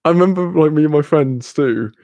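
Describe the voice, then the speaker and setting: A man's voice: fairly high pitch, a little fast, dark tone, no echo. A British man hosting a casual live-stream chat, rambling, swearing freely and laughing often as he reads viewer comments.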